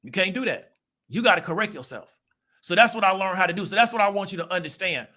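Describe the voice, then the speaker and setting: A man's voice: high voice, lively intonation, fast talker, pushed and bright. A man, giving a casual monologue to his viewers and checking in with rhetorical questions. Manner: conversational, rhetorical "right?" check-ins. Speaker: channel host.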